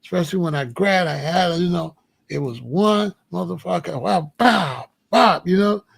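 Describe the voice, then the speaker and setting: A man from the United States hosting a casual monologue, telling stories in an emphatic, profane, animated way. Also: high voice, moderate pace, gravelly, slightly rough. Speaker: commentary host.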